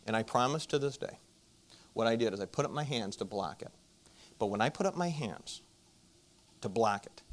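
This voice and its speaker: A middle-aged man telling a personal story to an audience, animated and acting out the voices of the people in it. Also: mid-range voice. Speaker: marriage conference speaker.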